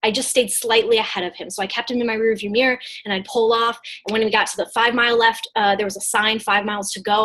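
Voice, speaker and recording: A woman's voice: a little high, fairly even intonation, fast talker, fairly bright tone. A woman business coach telling a personal story in a live motivational talk over a video call, in a casual, chatty way with lots of fillers and restarts.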